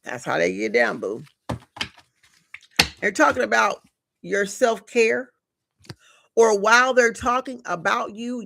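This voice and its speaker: A woman's voice: a little high, vocal fry, a bit bright. A woman giving a live collective tarot reading, talking casually and directly to her viewers with slang and frequent chatty asides. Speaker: tarot reader.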